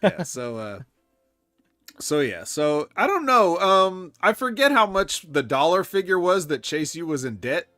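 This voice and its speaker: A man's voice: sits high, sing-song, measured pace, sharp tone, no room sound. A man co-hosting a podcast, chatting casually with a dry, sarcastic manner. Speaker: podcast co-host. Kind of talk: casual wrestling banter.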